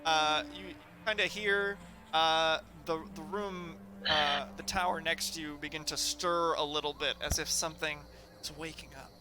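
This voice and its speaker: A man running a tabletop game as game master, narrating loosely with many fillers and pauses. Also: a little high, fairly even intonation, pushed and bright.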